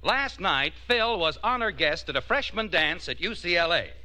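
A man's voice: sits high, expressive, moderate pace, bright, forceful tone, soft background music. A man announcing a commercial and introducing a radio program, in a polished, emphatic delivery. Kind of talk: scripted commercial read.

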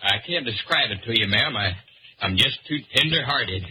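An actor playing a big, jealous Southern man with a booming slow drawl, in 1940s radio comedy style. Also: expressive, sharp tone, slight background noise, rough recording. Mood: stern. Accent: American South.

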